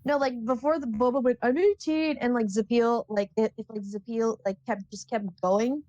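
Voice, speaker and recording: A young woman chatting casually after a tabletop game session over voice chat, excitable, stammering and swearing. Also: a little high, normal speed, dry recording, lo-fi sound.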